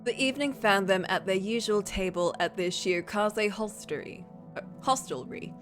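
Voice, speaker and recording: A woman's voice: medium pitch, normal speed, faint music behind. A woman streamer reading a story aloud in a casual way, with playful, chatty asides.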